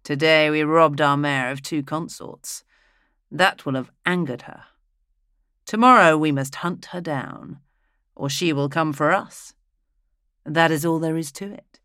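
Reader playing a proud noble hunter, blunt and firm, dry close voice. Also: male voice, a little high, a little slow, sharp tone, clean tone, no echo.

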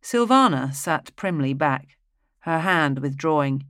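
Audiobook narrator, steady even delivery, close dry recording. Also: medium pitch, moderate pace, no echo.

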